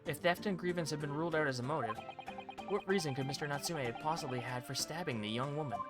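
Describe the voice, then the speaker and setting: A man's voice: on the high side, fast, natural voice. A man reading the lines of an earnest young defense lawyer in a questioning tone over game music.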